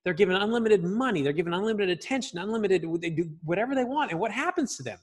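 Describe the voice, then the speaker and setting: A man leads a church Bible class with an animated, emphatic delivery. His voice sits a bit high and has a husky edge. He often turns to the room with a quick "right?". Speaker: Bible study teacher. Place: church classroom, also streamed online.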